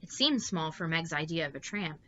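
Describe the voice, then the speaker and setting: A woman reading a bedtime story aloud in a steady, expressive way. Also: sits low, brisk, lo-fi sound, a little hiss or hum.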